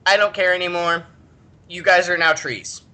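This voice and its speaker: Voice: medium pitch, fairly even intonation, normal speed, sharp tone, lightly acted, rough recording. A podcaster voicing a gleeful, mocking male plague god in a storytelling chat, with a taunting sing-song delivery.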